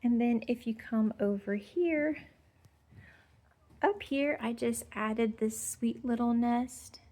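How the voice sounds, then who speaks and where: Her fairly high, warm voice takes things slowly. She's a home decor vlogger narrating a casual tour of her decorated outdoor porch, chatty and gushing, with plenty of fillers and sweet little remarks.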